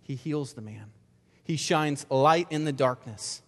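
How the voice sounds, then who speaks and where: A man's voice: on the high side, measured pace, a bit bright. A male pastor giving an earnest sermon, often repeating words and asking the congregation rhetorical questions. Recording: long reverb of a large hall.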